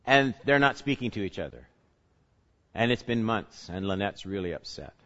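A male pastor teaching a sermon in a conversational way, putting questions to the congregation and swinging between loud emphasis and quiet asides. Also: fairly low pitch, expressive, moderate pace. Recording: reverberant hall, dull lo-fi sound.

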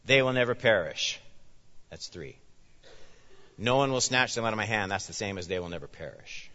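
A man preaching a sermon as pastor, emphatic, swinging from loud declarations to hushed asides. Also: fairly low pitch, expressive, normal speed. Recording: dull sound with long reverb in a large hall.

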